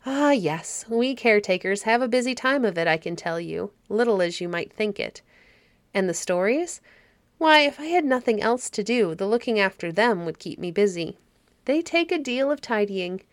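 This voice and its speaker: Woman reading a kindly old caretaker lady, cheerful and homely, mid pitch, dry. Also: lively intonation, normal speed, no echo, close to an everyday voice. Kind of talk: storybook reading.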